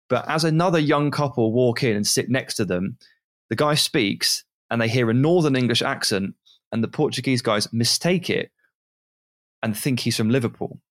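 A man co-hosting a podcast, telling a travel anecdote in casual chat and mimicking voices in quotes. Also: mid-range voice. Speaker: podcast co-host.

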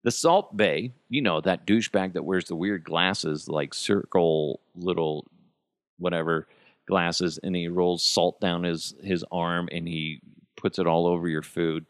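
A man's voice: deep voice, a little slow, dry recording, studio quality. A man hosting a podcast, ranting in a profane, mocking, comedic way. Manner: swears constantly, animated and mocking. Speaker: podcast host.

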